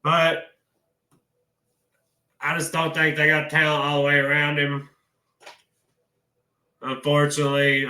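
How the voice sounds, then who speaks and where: A man with a drawl rants about college football in a folksy, emotional way, calling his viewers "y'all". His voice is fairly high and very bright and sharp. The sound is echoey, like a hard-walled room. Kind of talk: casual sports vlog.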